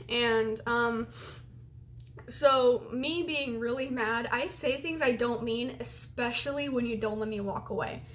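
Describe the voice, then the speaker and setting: A woman's voice: fairly high pitch, slight background noise. A young woman telling a heated storytime vlog, swearing as she retells a fight. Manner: heated, swearing, retells quotes in others' voices.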